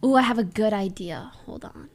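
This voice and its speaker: A woman's voice: medium pitch, lively intonation, moderate pace. A young woman livestreamer chatting casually and playfully, laughing often as she sounds out words. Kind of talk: casual stream chat.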